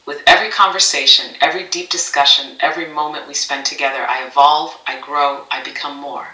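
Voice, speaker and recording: A synthetic woman's voice speaking as a doting AI assistant, calling the listener sweetheart and talking in measured, list-like phrases. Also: low-pitched, fairly even intonation, sharp tone, roomy sound, low-quality recording. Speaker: AI chat assistant. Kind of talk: affectionate scripted-sounding replies.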